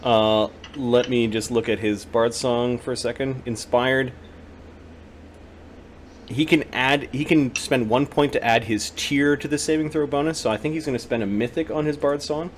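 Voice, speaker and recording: A man's voice: medium pitch, fairly even intonation, normal speed, a little hiss or hum. A man acting as game master, narrating a tabletop game and working through rules, with many fillers.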